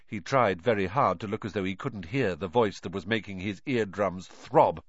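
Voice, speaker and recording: Animated male audiobook narrator. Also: sits low, moderate pace, hardly any pauses, lo-fi sound. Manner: animated, dramatic reading. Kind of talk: expressive storybook narration.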